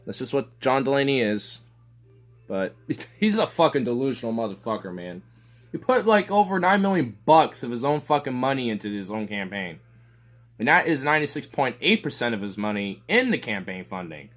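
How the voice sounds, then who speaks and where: A man's voice: medium pitch, sing-song, moderate pace, fairly bright tone. A man ranting casually about politics as a streamer, profane and rambling, with lots of filler words and sarcastic asides. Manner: sarcastic, scoffing laughs.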